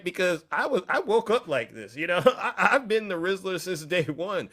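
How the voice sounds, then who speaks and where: A young man hosting a livestream, talking in a boastful, animated way and sometimes shouting. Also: high-pitched, normal speed, hardly any pauses. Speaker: livestream host. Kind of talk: livestream talk.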